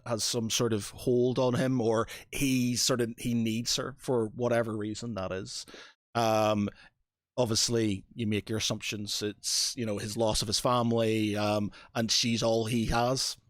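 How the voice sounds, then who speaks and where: Halting, slow-talking game master man. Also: on the low side, no echo, studio quality. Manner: halting, full of fillers and restarts. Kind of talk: narrating a tabletop game.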